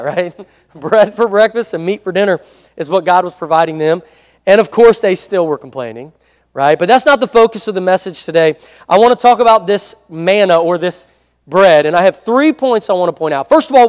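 A male pastor preaching a sermon in a conversational way, often asking for an amen. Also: sits high. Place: church hall. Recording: long hall reverb.

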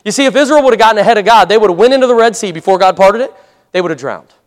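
A man's voice: high voice, animated, racing. A man preaching a sermon in a conversational way, with laughing asides and calls of amen. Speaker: pastor.

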